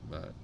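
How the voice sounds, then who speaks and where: A young adult man chatting casually and profanely on a live stream, rambling and tired, keeping his energy low. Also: background noise.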